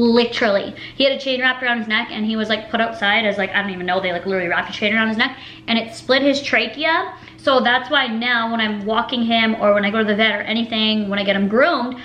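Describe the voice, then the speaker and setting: 20s woman vlogging at home, kinda high voice, says like a lot, echoey room. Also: sharp tone, a little hiss or hum. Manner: rambling storytelling, lots of "like" and "literally". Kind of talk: casual chatty mukbang vlog.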